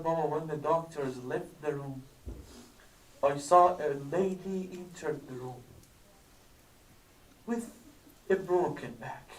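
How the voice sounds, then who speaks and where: A man telling a tearful story at a religious gathering, his voice rising higher and louder as the story builds. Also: echoey room, far from the mic, slight background noise, poor audio. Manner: grows louder, higher and crying-like as the story peaks. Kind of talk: emotional story sermon. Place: mosque hall.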